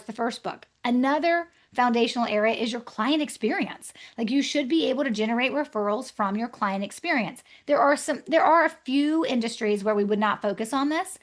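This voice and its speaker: Woman, guest author, lively explainer, higher pitch, acts out client exchanges. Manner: energetic, acts out client dialogues. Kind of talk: conversational podcast interview.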